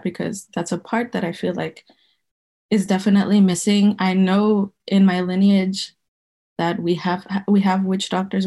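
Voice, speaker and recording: A guest herbalist, a Zimbabwean woman in her thirties, tells personal stories in a casual, rambling way with many fillers. Her voice is fairly low, creaky and dark in tone.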